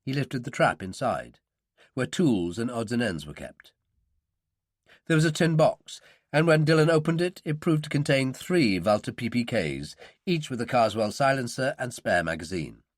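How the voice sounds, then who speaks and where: Male thriller narrator, mid pitch, expressive, dry close recording. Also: moderate pace, no room sound. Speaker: audiobook narrator. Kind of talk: scripted narration.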